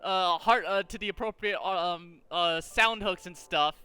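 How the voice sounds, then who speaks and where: Casting: male game streamer, high clear voice, ranting and swearing in casual chat. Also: moderate pace. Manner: animated, exasperated, swears often. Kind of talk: casual livestream chat while gaming.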